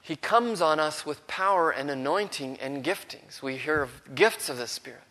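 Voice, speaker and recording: A man with a fairly high, bright voice delivers a sermon while fighting a cold. He speaks earnestly and often sinks to a near whisper for quoted words. His voice rings out in a hall with a long reverb. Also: animated, normal speed. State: has a cold, throat strained. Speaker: preacher.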